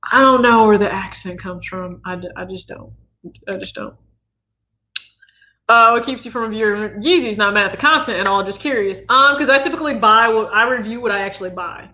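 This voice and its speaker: A man in his thirties from the US Midwest, casually answering viewer questions on a livestream. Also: sits high. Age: 30s. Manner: relaxed, chatty, reads viewer questions aloud. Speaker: sneaker channel host.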